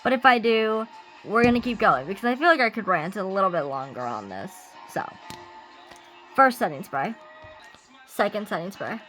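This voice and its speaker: A woman's voice: medium pitch, normal speed, pauses often, soft background music, poor audio. A woman ranting casually in a vlog while doing her makeup at home, speaking into her own camera with lots of fillers. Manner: animated, ranting, many fillers. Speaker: vlogger. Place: at home getting ready. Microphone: camera she sets up herself.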